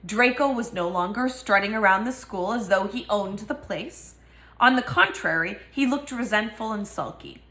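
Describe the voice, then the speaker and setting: Bright-voiced woman reading aloud. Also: medium pitch, moderate pace, reverberant. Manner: expressive, voices each character. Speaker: reader.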